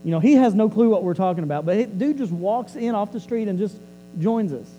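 A male preacher with a high but very mellow, warm voice. He tells his sermon like a story, chatty and loose. He often doubles back on his words as he goes. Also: animated, a little fast, long reverb tail, lo-fi sound, slight background noise. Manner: conversational, repeats and restarts words.

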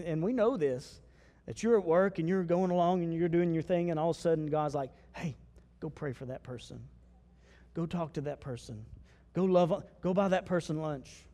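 A man preaching a sermon as pastor, animated and acting out the voices of the people he quotes. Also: high-pitched, long reverb tail. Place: church sanctuary.

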